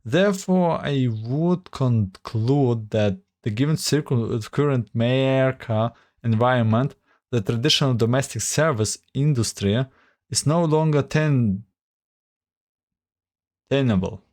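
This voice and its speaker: A man's voice: medium pitch, a little slow, a little mellow, natural voice. A man voicing a stiff analytical android doll. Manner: stiff, data-citing, earnest.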